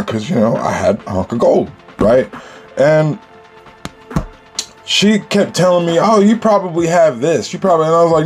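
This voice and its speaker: Painter, male, casual streetwise storyteller, slightly high voice, loose slang. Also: darkish tone. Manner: slangy, streetwise, packed with "you know".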